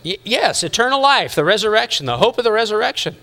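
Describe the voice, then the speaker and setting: Bright-voiced high-pitched male pastor preaching. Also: big pitch swings, a little fast, few pauses. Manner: conversational, teasing the congregation, acting out inner voices. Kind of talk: sermon.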